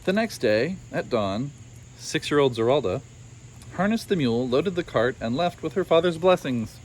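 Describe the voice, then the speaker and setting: A man's voice: a little high, animated, moderate pace, a little mellow, a little hiss or hum. A man reads a children's storybook aloud outdoors, breaking in now and then with dry, wry asides. Faint crickets and insects chirp behind him.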